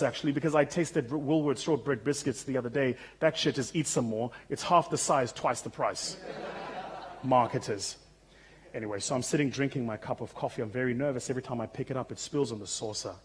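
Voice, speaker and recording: Husky South African man telling stories on stage. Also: mid-range voice, quick pace. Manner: humorous, conversational, vivid storytelling. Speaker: keynote speaker. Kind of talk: storytelling keynote speech. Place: conference stage.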